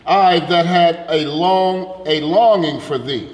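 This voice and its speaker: A man's voice: on the high side, slow pace, roomy sound, in a large hall. A man reading scripture aloud steadily. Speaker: scripture reader.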